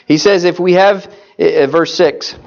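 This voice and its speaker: A man's voice: high-pitched, a little slow, gravelly, a little mellow, muffled recording. A man preaching a sermon, earnest and pleading, often calling his listeners folks.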